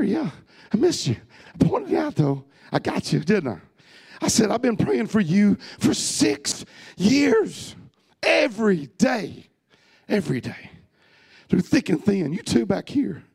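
A man preaching a sermon to his congregation, swinging from loud urging to soft, hushed storytelling. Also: very high-pitched, vocal fry, breathy edge, no room sound. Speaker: pastor. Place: church hall with a congregation.

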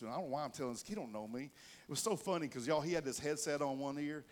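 A man's voice: mid-range voice, very fast. A man preaching a conversational sermon to his congregation, telling folksy stories and speaking straight to the listeners. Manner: folksy storytelling, addresses the congregation directly; animated, rises and drops in loudness for emphasis. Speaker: pastor.

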